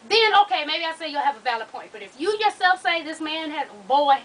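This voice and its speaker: A woman's voice: extremely high pitch, expressive, fast talker, hardly any pauses, a bit bright, recorded from a distance, rough recording. Woman, advice vlog host, blunt and profane, faint background noise.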